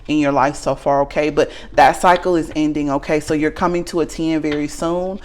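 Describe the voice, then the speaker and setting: A woman's voice: deep voice, steady tone, brisk, darkish tone. A woman with a light Southern US accent talks through a tarot spread in a loose, unscripted way. She speaks frankly and earnestly to the viewer and keeps checking in with a rising "okay?" after nearly every thought. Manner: tags nearly every sentence with a questioning okay. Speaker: tarot reader. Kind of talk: casual tarot reading to camera.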